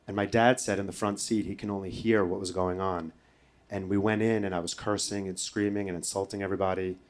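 A male comedian telling a story on stage in an animated way, swearing freely and breaking into impressions. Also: low voice, a little fast. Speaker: stand-up comedian. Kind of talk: stand-up storytelling. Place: stage before a live audience.

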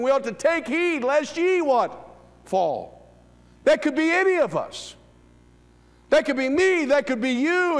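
A man in his fifties preaching a sermon as pastor, dropping to hushed low lines and rising to loud, high calls. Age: 50s. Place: church sanctuary. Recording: long hall reverb.

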